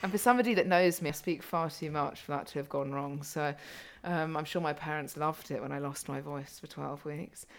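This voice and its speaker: A woman's voice: deep voice, steady tone, fairly quick, hardly any pauses. A young woman co-hosting a casual podcast, chatty and blunt, swearing freely and laughing often. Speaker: podcast co-host.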